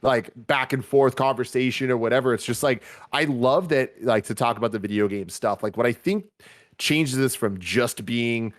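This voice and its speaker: A man's voice: mid-range voice, moderate pace. A man co-hosting a casual movie review podcast, rambling with many fillers and restarts. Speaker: podcast co-host.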